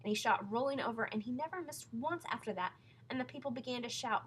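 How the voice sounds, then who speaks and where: A woman reading a children's book aloud in a lively, playful way. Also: fairly high pitch, brisk, husky, low-quality recording. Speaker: storyteller.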